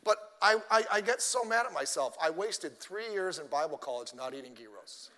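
A male pastor preaching a sermon, telling stories in an animated way and addressing the congregation directly. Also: on the high side, moderate pace, long reverb tail.

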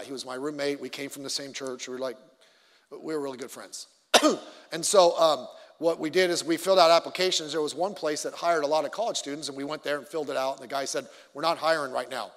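Middle-aged male pastor, high voice, animated sermon delivery, echoing church hall. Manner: animated storytelling with stammered restarts, acting out voices. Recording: long hall reverb.

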